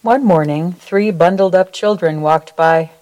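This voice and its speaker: A woman reading a children's story aloud at a church service in a slow, expressive way, ending with a short prayer. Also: fairly low pitch.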